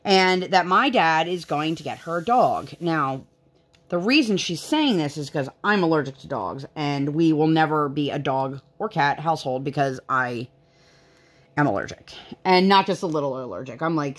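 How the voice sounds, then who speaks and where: A woman in her thirties chatting casually while she works on a craft, rambling with lots of fillers. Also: deep voice. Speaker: vlogger.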